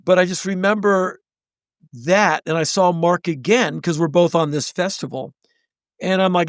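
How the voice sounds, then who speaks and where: A man's voice: high-pitched, lively intonation, normal speed, gravelly, dry recording, studio quality. A man in his sixties, a podcast guest, telling a story animatedly and acting out the people in it. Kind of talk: storytelling in conversation.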